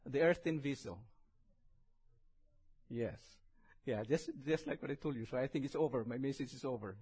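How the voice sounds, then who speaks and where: Indonesian accent guy giving a sermon at church, husky voice, chatty, pokes fun at himself. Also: medium pitch, a little mellow, low-quality recording. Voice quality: husky, heavily accented English. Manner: chatty and self-deprecating, reads scripture slowly. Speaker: visiting preacher.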